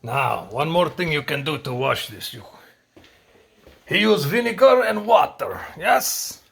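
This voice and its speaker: A man demonstrating a home repair in casual, halting broken English, restarting and repeating himself often. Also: a little high, very animated, creaky, fairly bright tone.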